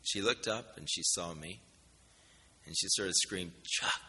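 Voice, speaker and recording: A man preaching a sermon, telling a personal story in a folksy, animated way and acting out the dialogue. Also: low-pitched, a little slow, in a large hall, very noisy. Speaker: pastor.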